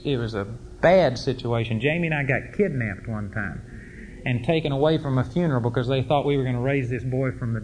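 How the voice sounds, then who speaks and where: A middle-aged man preaching a sermon, telling personal stories in a folksy, emphatic way. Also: a little high. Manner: folksy, emphatic storytelling with rising intensity. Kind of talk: sermon storytelling.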